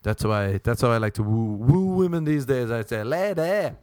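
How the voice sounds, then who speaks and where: A man's voice: mid-range voice, expressive, moderate pace, a little mellow, no echo, clean studio sound. A man hosting a podcast, rambling through a crude comic monologue and breaking into bits of song. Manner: crude, jokey, breaks into sung snippets. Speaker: podcast host.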